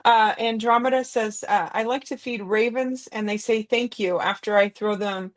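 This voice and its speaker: A woman's voice: a little high, fairly even intonation, moderate pace. A woman co-hosting a casual livestream, reading out viewer comments, chatty and laughing easily, with many "like"s.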